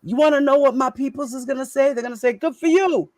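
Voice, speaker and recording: A woman's voice: high voice, level tone, racing, a little mellow, no room sound. A woman, hosting and ranting in a fiery, profane way and firing off rhetorical questions. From New York. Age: 40s. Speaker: host. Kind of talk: heated casual live-stream rant.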